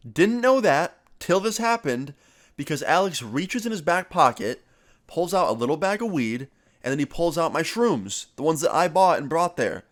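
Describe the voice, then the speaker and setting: Young man telling a story, swearing freely. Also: a little high. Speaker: vlogger. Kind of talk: casual storytelling.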